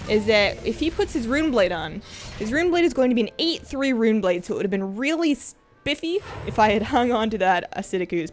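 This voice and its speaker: A woman giving casual, upbeat commentary over her own card game play, talking the viewer through each move in a chatty, friendly manner. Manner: chatty, upbeat, lively pitch swings. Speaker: gameplay commentator.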